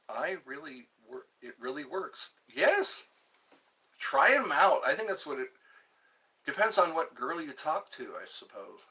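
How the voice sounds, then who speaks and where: Male streamer, meandering chat, lively pitch, slow pace. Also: far from the mic, poor audio. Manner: meandering, muses aloud, tries out pickup lines. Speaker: channel host. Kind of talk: rambling livestream chat.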